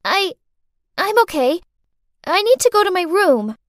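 Eine Frau spricht ein quengelndes, berechnendes kleines Mädchen mit sehr hoher, dünner Stimme, das in einer erzählten Geschichte Unschuld vortäuscht. Die Aufnahme klingt trocken und nah, ganz ohne Hall. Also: female voice, extremely high pitch, sing-song, unhurried, clean studio sound, voice pushed up, exaggerated voice. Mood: timid. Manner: whiny, tearful pleading. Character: scheming little girl faking innocence. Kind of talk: storytelling podcast.

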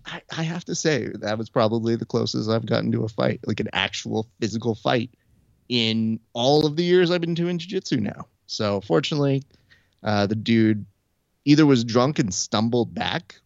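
A young adult man telling a story in casual chat, animated, acting out quoted lines with shifts in pitch. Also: normal speed, gravelly, no room sound, highs cut off. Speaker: podcast host. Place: Burbank area.

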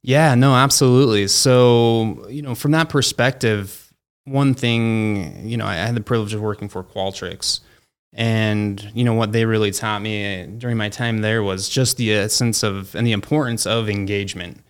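Here a man who founded a company tells a casual story as a guest, peppering it with "like" and "you know" and voicing the other people in it. His pitch is fairly low, his intonation fairly even, his speed normal and his tone clean.

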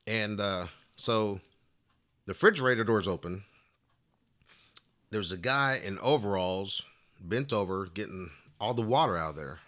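Low-voiced rambling male storyteller. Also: expressive, a little slow, pauses often, fairly bright tone. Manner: rambling, heavy with "you know" fillers. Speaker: flute player telling a story. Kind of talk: casual storytelling.

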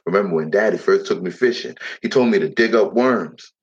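In heavy dialect, a man with a lowish voice tells a dramatic first-person story a little quickly, slipping into the voices of the people involved. The recording is dull and lo-fi.

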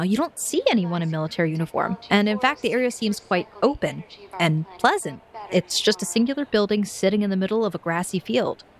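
Brief: woman game master, playful, descriptive scene narration. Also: mid-range voice.

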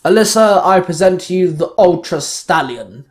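A man reading aloud, voicing the Ultra Grid, an ancient power that speaks through a teammate's avatar in a slow, formal way. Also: sits high, expressive. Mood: measured.

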